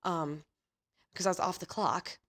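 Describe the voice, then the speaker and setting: A woman co-hosting a casual podcast, retelling a friend's story. She speaks in a slightly low register. Her delivery is animated and chatty, with frequent laughs and casual swearing. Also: measured pace. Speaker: podcast co-host.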